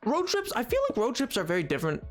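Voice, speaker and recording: A man's voice: sits high, wildly swooping pitch, fast talker, faint music behind. Rambling, joking man streaming. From United States. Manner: rambling, playful, self-mocking jokes. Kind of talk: casual livestream chat while gaming.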